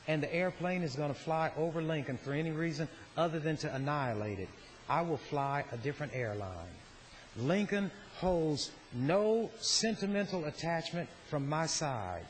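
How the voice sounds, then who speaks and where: A man addressing a legislature with a measured, biting, sardonic delivery, his voice sitting a little high for a man. He sounds like he is standing in a legislative chamber, with a faint hiss over the recording. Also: rough recording. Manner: deliberate, sardonic orator. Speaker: state senator. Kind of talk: legislative floor speech.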